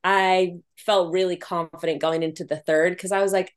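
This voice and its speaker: A podcast host in her thirties with a slightly lower voice than most women. She tells stories about family life in a loose, chatty, animated way, filling gaps with "like" and "um". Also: normal speed, few pauses. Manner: chatty, animated storytelling with many "like"s. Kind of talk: casual chat.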